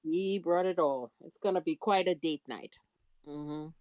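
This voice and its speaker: A woman co-hosting a podcast, adding slow, amused comments in casual chat. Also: sits low, darkish tone, no echo. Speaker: podcast co-host.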